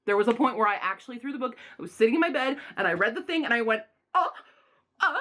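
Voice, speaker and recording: A young woman giving quick, rambling book reviews in a casual vlog, excitable and gushing, with loud outbursts. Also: fairly high pitch.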